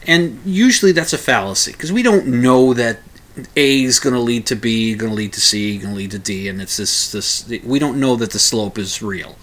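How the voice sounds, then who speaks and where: A man's voice: mid-range voice, moderate pace, fairly bright tone. A man hosting a casual spoken monologue, rambling with many restarts and small chuckles.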